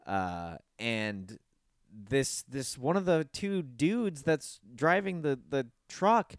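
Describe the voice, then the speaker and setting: A man hosts a casual podcast, talking in a dry, close-miked sound with no room around him. He rants animatedly, swears freely and jumps into high squeaky voices when he mimics people. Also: very animated, slow pace, no room sound. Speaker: podcast host.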